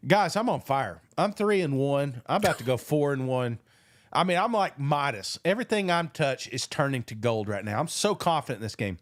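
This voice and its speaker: A man co-hosting a podcast in casual sports chat, talking with animated, boastful banter and some swearing. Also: medium pitch, normal speed, no echo, studio quality. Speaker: podcast co-host.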